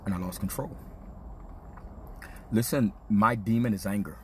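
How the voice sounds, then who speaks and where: Low-voiced man telling a candid story. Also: unhurried, a bit bright, a little hiss or hum. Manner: casual slang-heavy, reflective and confessional. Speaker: podcast host.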